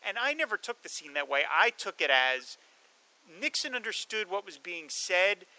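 Guy with a really bright voice, a bit high, chatting about a movie and acting out the lines. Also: moderate pace, rough recording. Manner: animated storyteller, acts out quoted lines. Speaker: podcast co-host. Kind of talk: casual film discussion.

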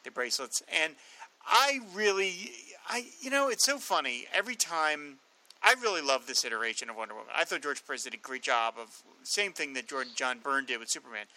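A man co-hosting a casual comics podcast, speaking haltingly with many fillers and reading entries aloud. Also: mid-range voice, lively intonation, sharp tone, low-quality recording. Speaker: podcast co-host.

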